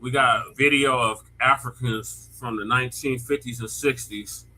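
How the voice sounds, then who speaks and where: A man's voice: medium pitch, steady tone, moderate pace, sharp tone, a little hiss or hum, poor audio. A man on a casual panel, speaking directly and correcting others.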